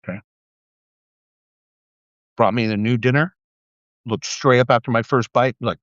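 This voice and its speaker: A middle-aged man hosts a casual livestream monologue, telling stories and jumping into exaggerated voices for the people he quotes. His voice sits at an ordinary pitch. The recording is dry and a little dull, with a lo-fi edge. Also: measured pace, dry recording. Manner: animated storytelling, acts out quotes in a raised voice. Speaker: live stream host. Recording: slightly dull lo-fi sound.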